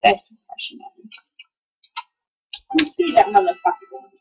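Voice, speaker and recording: A woman giving excitable, profane commentary while playing a game, talking back to the characters on screen. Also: medium pitch, a little slow, lo-fi sound, slight background noise. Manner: excitable, swears a lot, talks to game characters. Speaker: let's play gamer. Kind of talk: casual gameplay commentary.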